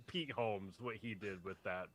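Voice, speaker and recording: A man's voice: on the low side, unhurried. A man co-hosting a movie-review podcast, joking and riffing in casual chat. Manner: joking, animated riffing with restarts. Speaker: podcast co-host.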